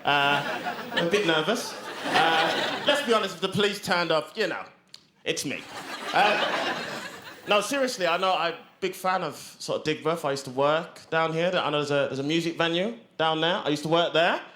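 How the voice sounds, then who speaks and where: High-voiced man doing stand-up. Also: moderate pace, reverberant, noisy background. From Black Country, England. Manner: chatty, self-mocking, acts out quotes. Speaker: comedy show host. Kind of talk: stand-up comedy.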